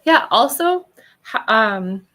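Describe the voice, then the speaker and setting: A woman's voice: fairly high pitch, sing-song, takes it slowly, a bit bright. A woman co-hosting a live art stream, chatting casually in an easygoing, slightly hesitant way. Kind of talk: casual chat while making art.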